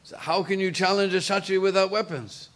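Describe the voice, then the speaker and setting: A man's voice: high voice, steady tone, fairly quick, a bit bright. A man playing a bold young warrior prince who speaks with defiant, scolding force.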